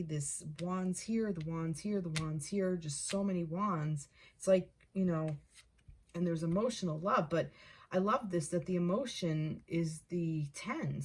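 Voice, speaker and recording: A woman giving a casual tarot card reading, thinking aloud, repeating herself and getting excited over the cards. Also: fairly low pitch. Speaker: tarot reader.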